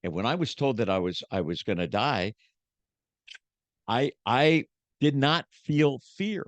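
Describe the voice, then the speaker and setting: A man speaking in a mid-range voice, sharing a hard personal story with the rhythm of a preacher. He drops to near whispers, then builds to forceful emphasis. The recording is dry and close, with no room sound. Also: medium pitch, lively intonation, measured pace, dry recording. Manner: preacher-like, swinging from hushed to emphatic. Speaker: podcast guest, motivational speaker. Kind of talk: emotional personal testimony.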